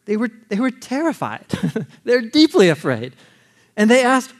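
A male preacher teaching a Bible story in a lively way, laughing often and acting out the characters' lines. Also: high-pitched, moderate pace. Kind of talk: animated sermon teaching.

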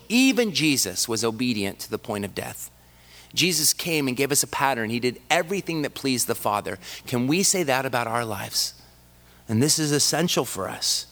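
A man in his thirties delivers a sermon at a medium pitch. His tone is earnest and weighty, and he drives points home by repeating phrases. In personal stories it turns light and giddy. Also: a bit bright. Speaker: pastor.

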